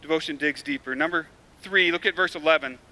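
A man's voice: fairly high pitch, fast talker, pushed and bright. A male pastor preaching a sermon in a casual, conversational way, with emphatic, repetitive build-ups and frequent tag questions. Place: church.

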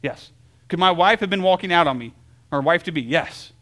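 A young adult man gives a casual sermon in an easy, conversational way. His voice sits a little high, and he keeps checking in with the listeners. When he tells a story he gets animated, dropping soft and then rising loud. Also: a little fast. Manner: conversational, lots of filler "like" and "right?". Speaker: pastor.

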